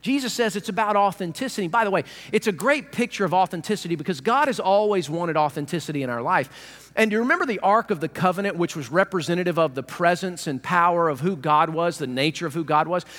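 A male pastor preaching a sermon in a humorous, animated way, acting out little voices. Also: sits high, fast talker, in a large hall.

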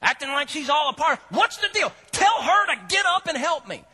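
A man voicing a frantic, overworked woman who complains shrilly and shouts. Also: extremely high pitch, big pitch swings, extremely slow, long reverb tail, pitched above the performer's own voice, exaggerated voice. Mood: indignant.

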